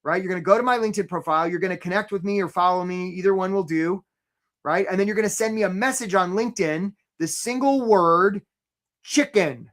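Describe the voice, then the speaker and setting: A man hosting a live career webinar, chatty and energetic, tagging his points with "right?" and calling out attendees by name. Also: high voice, a little fast. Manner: chatty, rhetorical "right?" tags, shout-outs to attendees.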